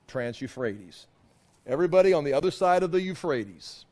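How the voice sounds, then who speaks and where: A man's voice: mid-range voice, animated, normal speed, darkish tone. A man teaching a casual Bible class, talking in a loose, conversational way that wanders off and restarts as he retells the story with animation.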